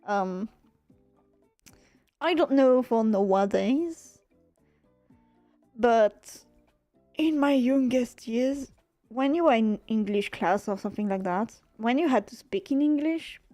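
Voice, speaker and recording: A young woman with a French accent talks at an unhurried pace in a fairly high, mellow voice. She chats loosely while working on a craft and drops casual swears, with faint music playing behind her. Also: no echo. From France. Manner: chatty, swears casually, laughs often. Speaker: streamer.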